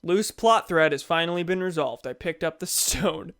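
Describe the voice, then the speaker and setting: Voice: medium pitch, moderate pace, fairly bright tone, smooth, faint music behind. A game streamer chatting casually while playing, thinking aloud and joking at their own expense.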